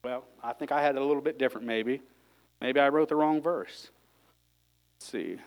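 A man's voice: mid-range voice, moderate pace, poor audio. A man preaching an emotional sermon, getting worked up, sighing and exclaiming between points. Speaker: lay preacher.

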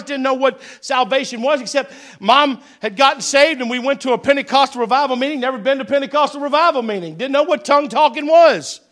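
A middle-aged male pastor preaching a sermon, telling folksy stories that swell into shouted preaching. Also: extremely high pitch.

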